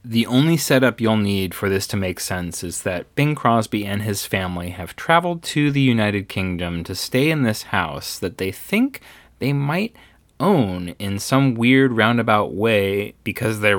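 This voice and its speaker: A man's voice: on the low side, unhurried, no room sound. A man setting up a clip in casual, explanatory narration. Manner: explanatory, relaxed. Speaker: video commentator.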